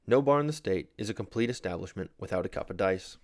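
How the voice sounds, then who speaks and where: A man's voice: deep voice, animated, quick pace, a little mellow, dry recording. Proud young man hosting a podcast. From Wisconsin. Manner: earnest, proud storytelling read from a script. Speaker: podcast host. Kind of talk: scripted solo podcast monologue.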